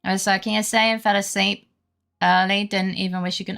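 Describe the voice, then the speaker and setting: Over faint background music, a young streamer greets her chat and talks lovingly about her dog, slipping into baby talk toward the pup. She speaks quickly at a medium pitch, with noticeable vocal fry.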